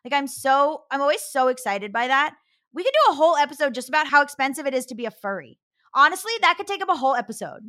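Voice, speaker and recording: An American woman hosting a podcast, chatting excitably and laughing often. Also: sits high, fast talker. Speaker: podcast host. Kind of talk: casual podcast chat.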